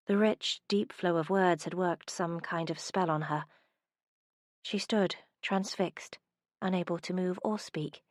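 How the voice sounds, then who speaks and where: A woman narrating a historical romance audiobook in a soft, intimate way. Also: lowish voice, fairly even intonation, measured pace, no room sound, studio quality.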